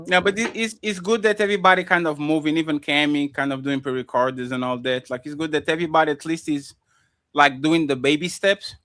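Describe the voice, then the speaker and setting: A man's voice: on the high side, fairly even intonation, a little fast, a bit bright. A man on a casual livestream call who rambles and restarts while encouraging the others, swearing casually.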